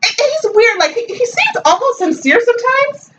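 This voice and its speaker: A woman's voice: very high voice, very animated, fairly bright tone. Woman, from Jamaica, podcast co-host, casual emphatic chat, distant mic, muffled sound. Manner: emphatic, talks in quick bursts with "listen" and "girl". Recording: dull distant mic with faint hiss.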